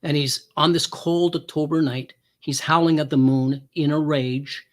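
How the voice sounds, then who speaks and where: Animated man telling a story. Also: a little high, measured pace. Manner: animated storyteller, acts out dialogue. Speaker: keynote speaker and author.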